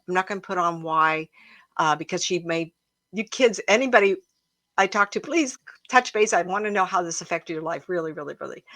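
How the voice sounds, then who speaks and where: Her voice is lowish and fairly bright, with no echo, as she livestreams from home as a psychic. She spins casual, emotional stories for her audience and speaks right to them, a cat bouncing around nearby.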